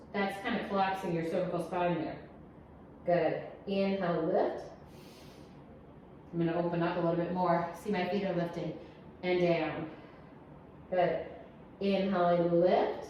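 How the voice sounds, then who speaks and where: A woman's voice: medium pitch, darkish tone. A woman leads a Pilates class, calling out inhales and exhales and counting reps. She keeps it chatty and encouraging, with small asides. Her voice rings in a very echoey room, picked up from a distance with faint noise behind. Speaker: Pilates instructor. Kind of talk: guided exercise class cueing.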